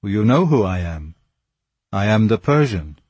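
A man voicing a mysterious, grave male stranger who gives calm, measured warnings. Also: fairly low pitch, husky, no room sound, lo-fi sound, heavily acted.

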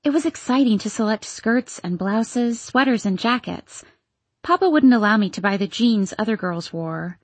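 A woman reading a novel aloud in steady scripted narration. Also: a little high, moderate pace, husky, no echo. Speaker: audiobook narrator.

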